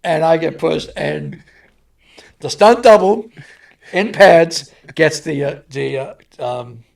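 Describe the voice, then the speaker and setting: A man with a gravelly, somewhat high voice tells stunt stories with a lot of energy. He slips into the voices of the people he describes, now loud, now dropping to a hush. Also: takes it slowly. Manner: animated, acts out voices in anecdotes. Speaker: stuntman guest. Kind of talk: animated storytelling.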